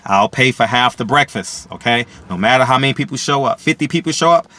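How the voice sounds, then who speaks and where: A man giving opinionated solo commentary to camera, boastful and repetitive, now and then bursting into loud shouts. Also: mid-range voice, animated, fast. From DC area, USA. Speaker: vlogger and boxing commentator.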